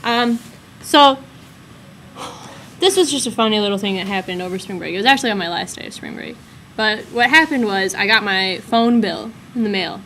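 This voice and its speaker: A woman's voice: medium pitch, fairly bright tone, slight background noise. A young woman telling a rambling story in casual chat, full of fillers, as a vlog co-host.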